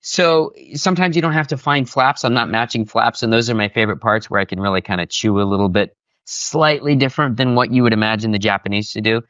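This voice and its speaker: A man with a lowish voice chats about his voice work as an interview guest, animated and expressive. The sound is dry and close. It has a somewhat dull, lo-fi quality. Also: fast talker, no echo. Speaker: voice actor guest. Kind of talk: casual interview chat.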